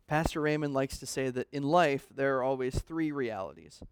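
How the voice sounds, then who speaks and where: A man's voice: medium pitch, normal speed, hardly any pauses, clear, resonant tone. A man preaching a sermon, reading scripture aloud and then explaining it with earnest, emphatic delivery and rhetorical questions.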